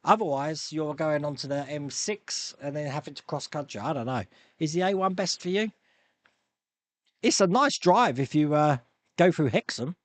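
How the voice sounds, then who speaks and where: A man's voice: a little high, normal speed, dry recording. A man hosting a live stream, chatting casually and rambling through viewer comments with frequent laughs and restarts.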